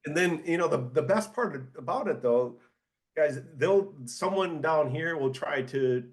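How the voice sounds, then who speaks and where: Halting man with a Michigan accent. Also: fairly high pitch, animated. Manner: halting, many restarts. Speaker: audiologist guest. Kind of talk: casual chat.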